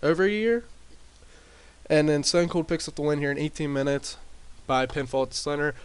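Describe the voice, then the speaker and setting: A man casually recapping his wrestling sim game in a rambling way, with lots of fillers and restarts, talking into a desk mic turned up loud. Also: a little high, steady tone, brisk, clean tone. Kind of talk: casual commentary over gameplay. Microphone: desk mic with boosted gain.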